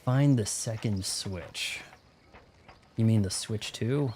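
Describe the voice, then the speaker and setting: A man with a lowish, mellow voice chats loosely while he plays, drifting between jokes and muttered asides. There is a faint hiss of noise behind him. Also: takes it slowly. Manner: rambling, joking, mutters to himself. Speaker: streamer. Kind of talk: casual gameplay commentary.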